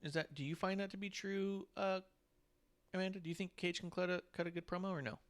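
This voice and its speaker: A man's voice: high voice, steady tone, fast, smooth. A man co-hosting a casual podcast, talkative and opinionated, putting questions to his co-hosts. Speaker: podcast co-host. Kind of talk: casual chat.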